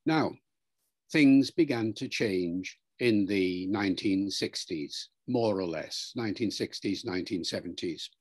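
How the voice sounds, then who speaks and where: A man answering interview questions as a language expert, in a measured, lecturing way. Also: lowish voice.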